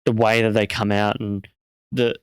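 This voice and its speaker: A man with a low, smooth voice hosts a relaxed interview. He muses aloud in a reflective, halting way, and the sound is close and dry. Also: no echo. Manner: reflective, hesitant, many fillers and restarts. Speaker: podcast host. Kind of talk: casual interview chat.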